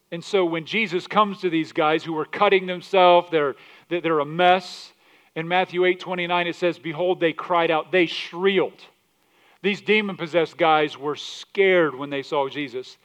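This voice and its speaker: Preaching pastor, slightly high voice. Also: male voice, fairly bright tone. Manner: preaching with dramatic quoted scripture in old English; direct questions to the congregation. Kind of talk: sermon.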